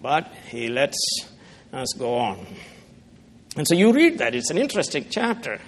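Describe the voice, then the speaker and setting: A middle-aged man preaching a sermon, swinging from loud, pointed rebuke to hushed, quiet asides. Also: mid-range voice, huge pitch swings, moderate pace. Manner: dramatic, swings from loud rebuke to soft murmurs.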